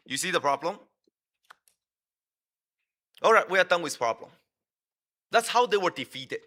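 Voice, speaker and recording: A man's voice: high-pitched, expressive, normal speed, long pauses, bright, forceful tone. A man preaching a sermon in a church, emphatic and full of rhetorical questions, with frequent fillers and restarts.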